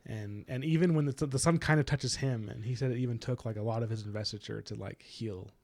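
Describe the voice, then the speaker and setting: A man's voice: mid-range voice, a little fast, a little mellow. A man co-hosting a podcast, casually discussing a book and eagerly pointing out plot hints, with many fillers. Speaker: podcast co-host.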